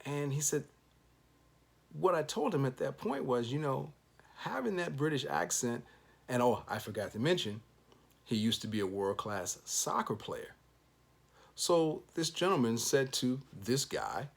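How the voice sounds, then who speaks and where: A man's voice: medium pitch, very animated, unhurried, vocal fry, slightly rough. A man hosting his own show, giving an upbeat, encouraging motivational monologue with preacherly sign-offs. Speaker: show host.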